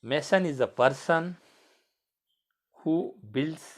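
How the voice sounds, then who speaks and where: Man, school teacher, bilingual lesson, slow, repeats words for the class. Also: fairly high pitch.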